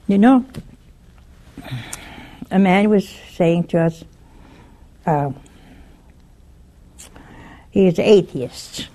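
A woman speaks in a low, husky voice, slow and unhurried. Her tone is mellow and earnest, and she tells her story plainly with a quiet urgency. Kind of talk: earnest spoken warning and storytelling.

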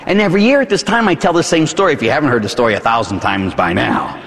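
A man's voice: mid-range voice, expressive, fast talker, fairly bright tone. A middle-aged man with a Pittsburgh accent, a Catholic priest giving an evening sermon with dramatic swings and folksy asides. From Pittsburgh, USA. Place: church. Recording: reverberant church hall.

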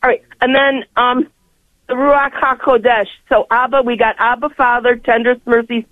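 A woman's voice: on the high side, steady tone, normal speed, dry recording. An older woman calls in to a radio show over a tinny phone line. She talks effusively in long, rambling stretches and laughs as she goes. Her voice comes through dry and narrow. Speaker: caller. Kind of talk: call-in radio chat.

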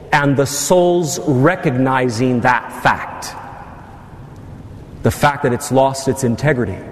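Priest guy preaching, kinda high voice, long reverb from the church. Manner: preaching with teasing asides to the congregation. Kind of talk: sermon.

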